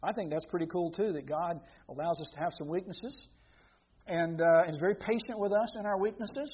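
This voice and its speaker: A man preaching a sermon in a conversational way, with rhetorical questions, dropping to a hush and then rising to emphatic points. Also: high voice, fairly quick, husky, lo-fi sound.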